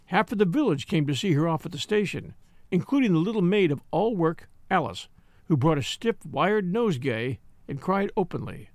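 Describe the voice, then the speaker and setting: A man narrating a novel as an audiobook reader, in an expressive storytelling manner. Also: a little high, moderate pace, no room sound. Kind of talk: scripted narration.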